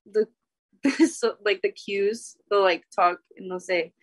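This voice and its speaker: A late-teen young woman from Oklahoma, once a contestant, chats casually in an interview, bubbly and giggly with plenty of "like" fillers. Her mid-range voice holds a steady tone at a slow pace, and the recording is dry.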